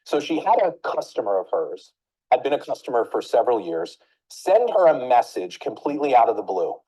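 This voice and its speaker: A woman business coach runs a training session in a mellow, warm voice. She tells a story with energy and keeps turning to her listeners with direct questions. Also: extremely low pitch, a little fast, husky, low-quality recording. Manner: animated, addresses listeners directly with rhetorical questions.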